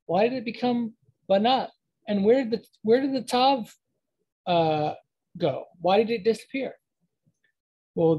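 A woman giving an informal spoken language lesson, explaining slowly, repeating words to model pronunciation and correcting herself as she goes. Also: lowish voice, dark tone, breathy edge. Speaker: language teacher.

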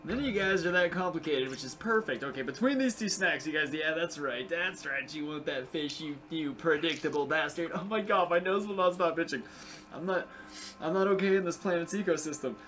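A young man giving casual, excitable gameplay commentary, swearing and chatting to the game's creatures. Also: on the high side, a little fast. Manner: excitable, profane, talks to game creatures. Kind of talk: casual let's play commentary.

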